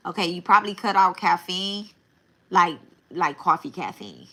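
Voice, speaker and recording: Woman doing a live tarot reading, lowish voice but bright and punchy, repeats herself a lot. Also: moderate pace. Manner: casual, repeats and restarts phrases; blunt, swears. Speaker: tarot reader.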